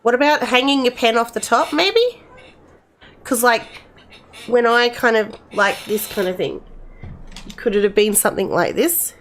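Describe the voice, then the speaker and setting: A woman's voice: on the high side, a little slow, long pauses, a bit bright, slight background noise. A middle-aged woman commenting casually on a game, chatty and rambling, speaking to the characters as if they were friends. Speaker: gamer playing and commenting.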